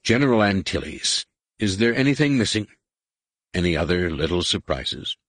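Man doing a dignified alien admiral, dry, measured, low, husky. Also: very animated, fairly bright tone, dry recording, heavily acted. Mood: dry stern.

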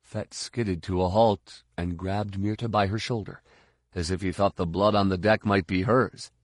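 A man narrating an audiobook in a steady, measured voice. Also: low-pitched, dry recording, studio quality. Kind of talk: scripted narration.

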